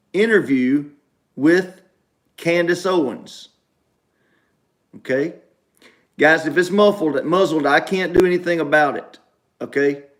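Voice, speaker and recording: A man hosting a casual livestream show from home, repeating himself and speaking straight to his viewers. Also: fairly high pitch. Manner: repetitive, emphatic, talks straight to viewers. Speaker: show host.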